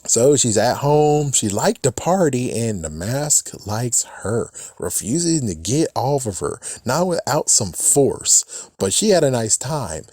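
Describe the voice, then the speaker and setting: A man's voice: lowish voice, darkish tone, dry recording, studio quality. Rambling, cussing man reviewing an episode. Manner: rambling, profane, repeats "it's like". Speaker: show reviewer.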